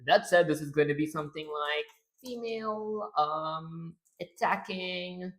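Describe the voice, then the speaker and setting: A man's voice: on the high side, unhurried, fairly bright tone. Chatty male programming streamer. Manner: chatty, narrating his own steps, answering chat. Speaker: livestream host. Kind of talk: casual chat while programming.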